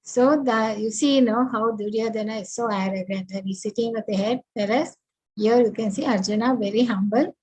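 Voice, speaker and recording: A woman gives an online scripture lesson over a video call. Her voice sits a little high and has a husky edge. She talks at an easy pace, pausing often on fillers while she explains her slides. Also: darkish tone, poor audio. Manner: unhurried, many fillers, walks through slides. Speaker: spiritual teacher.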